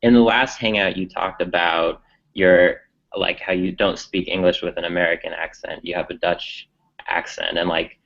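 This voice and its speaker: A young man with a very low, flat voice asks a question haltingly, full of "um" and "like". He sounds like a student on a video call. The audio is dull and lo-fi. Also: gravelly. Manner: hesitant, uses fillers like "like" and "um".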